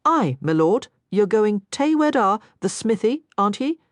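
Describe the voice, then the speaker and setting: A woman's voice: mid-range voice, very animated, a little slow, no room sound, pitched above the performer's own voice. A woman voicing a jovial, bawdy male innkeeper with a thick Scottish accent and a broad, hearty way of talking.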